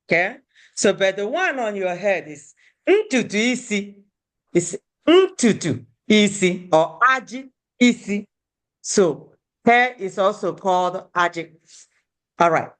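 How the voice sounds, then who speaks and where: A woman teaches beginners at a slow, unhurried pace. Her pitch rises and falls in a lively, sing-song way as she repeats each word. She breaks the longer words into syllables so the class can follow. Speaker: language teacher. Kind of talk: beginner language lesson.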